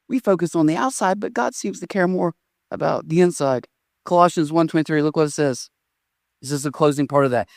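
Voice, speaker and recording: A man in his forties, a pastor, preaching a sermon with lively storytelling that swings between raised, excited phrases and quiet, soft endings. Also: high voice, fairly quick, dry recording, studio quality. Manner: animated storytelling with sudden rises and soft drops. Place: church stage.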